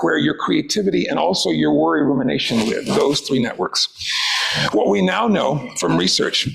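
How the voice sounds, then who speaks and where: Male workshop presenter with a gravelly, slightly high voice; calm, inviting coaching tone. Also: poor audio. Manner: calm, inviting, coaching listeners through exercises. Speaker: wellness presenter.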